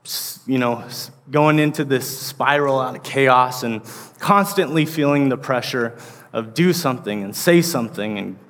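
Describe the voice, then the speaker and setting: A man's voice: mid-range voice, expressive, moderate pace, a bit bright. A man in his thirties, an associate pastor, preaching a sermon in a casual, rambling way full of fillers. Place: church sanctuary. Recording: long reverb of a large hall.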